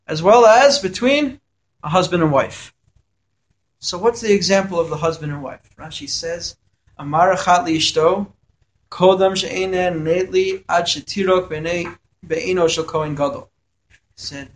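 High-voiced man teaching a Torah lesson. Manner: reads Hebrew verses and translates them, explanatory; asks questions and then answers them. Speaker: yeshiva teacher.

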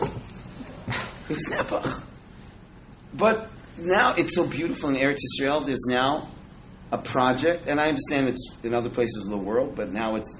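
A man's voice: medium pitch, noisy background. Male Torah teacher, mid-range voice, chatty lecture style with jokes and Hebrew terms. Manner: conversational, jokes with the audience, Hebrew and Yiddish terms. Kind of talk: informal Torah class.

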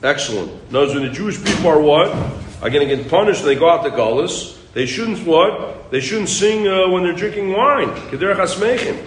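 A man teaching a Talmud class, quizzing his students with quick questions and pushing them to read on. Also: a little high, expressive, echoey room, slight background noise, poor audio.

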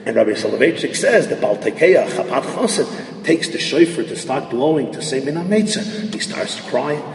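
A man giving a lecture on Jewish thought, dense with Hebrew and Yiddish terms, swinging from hushed tones to shouted emphasis. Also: mid-range voice, animated, moderate pace, gravelly. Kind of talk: lecture to an audience. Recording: echoey hall from far off, faint noise.

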